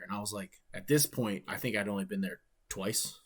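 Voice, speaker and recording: A man's voice: on the low side, brisk, breathy edge. A man from Ohio, speaking, chatting casually and rambling on a livestream while answering viewer questions. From Ohio, USA. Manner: laid-back, rambling, swears freely. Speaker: wrestler streaming and watching his matches.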